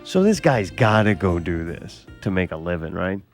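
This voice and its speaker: A man's voice: low voice, sing-song, normal speed, soft background music. A man hosting a casual podcast, telling rambling, profane stories with lots of laughter. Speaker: podcast host. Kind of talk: casual chat.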